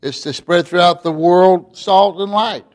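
A man preaching a sermon, emphatic, dropping quiet and then rising loud. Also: sits high, measured pace.

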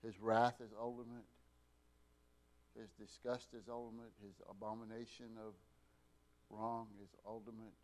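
A man teaching a Bible class, pausing often with fillers and restarts and getting loud to stress key words. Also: lowish voice, flat delivery. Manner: unhurried, with many fillers and restarts, rising loud for emphasis.

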